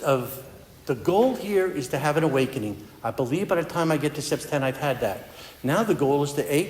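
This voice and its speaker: A man's voice: a little high, slight background noise. A man giving a personal recovery talk at a meeting, telling his story in an earnest, conversational way. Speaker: AA speaker. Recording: echoey hall with long reverb.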